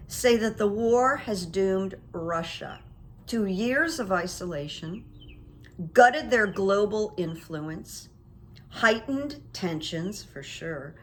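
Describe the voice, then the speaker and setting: Middle-aged woman host, solo news-commentary monologue, opinionated and chatty, mid-pitched. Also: fairly bright tone. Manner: chatty, opinionated, with asides and fillers. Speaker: host of a psychic commentary channel. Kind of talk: casual political commentary monologue.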